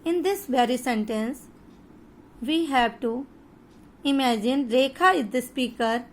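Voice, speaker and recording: A high-pitched woman with an Indian English accent gives an online grammar lesson, explaining at a slow, deliberate pace with pauses.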